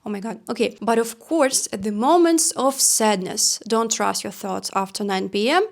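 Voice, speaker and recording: A woman's voice: mid-range voice, moderate pace, vocal fry. A young adult woman from Russia with a Russian accent, speaking in a reflective, self-deprecating personal vlog monologue. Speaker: vlogger.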